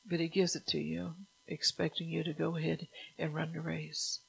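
A woman preaching a sermon in a gravelly voice that slides into vocal fry. Her pitch stays flat and level as she passes on God's words in the first person and reads out scripture. She keeps breaking into casual asides to the congregation. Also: moderate pace, low-quality recording.

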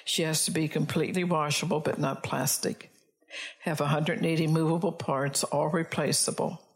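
A woman's voice: low voice, steady tone, moderate pace. A woman voicing God as a patient male creator in a told story, in her own earnest preaching voice.

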